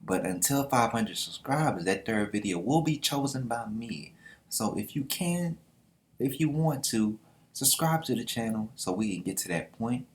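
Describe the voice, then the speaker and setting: A man hosting a casual manga reaction vlog, excited and slangy, swearing freely. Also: medium pitch, normal speed. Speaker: manga reaction channel host.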